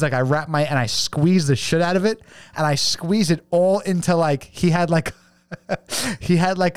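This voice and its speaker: A man's voice: on the high side, no room sound. A man in his thirties, a podcast co-host, telling a long rambling story in casual chat, laughing and swearing often.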